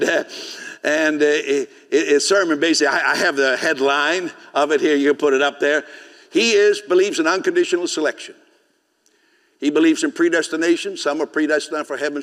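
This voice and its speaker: A man's voice: on the high side, fairly bright tone, big-room sound. A man preaching a sermon as pastor, speaking conversationally, often asking the congregation questions and laughing. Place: church sanctuary.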